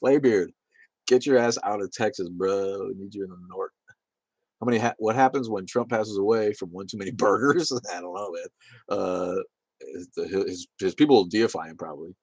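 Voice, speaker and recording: A man's voice: on the low side, normal speed, darkish tone, husky, no echo. A man hosting a livestream, rambling and swearing as he reads chat comments and laughs along. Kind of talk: casual profane livestream chat.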